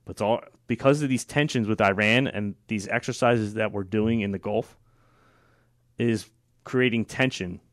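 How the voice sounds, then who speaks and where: A man's voice: on the low side, moderate pace, no room sound, studio quality. A man hosting a political talk show, opinionated and sarcastic, with frequent fillers and restarts. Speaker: radio show host.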